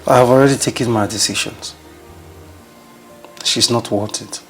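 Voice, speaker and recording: A man's voice: medium pitch, fairly even intonation, normal speed, a bit bright, close to an everyday voice. A man playing a resigned young guy in a film, firm, mid voice, light music. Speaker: jilted lover. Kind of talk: Nollywood film acting.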